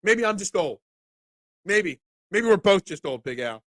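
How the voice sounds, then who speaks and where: A man's voice: sits high, sing-song, measured pace, a bit bright, no echo, clean studio sound. A man in his forties hosting a casual sports talk stream, congested and cracking, rambling as he answers chat comments. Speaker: sports talk show host.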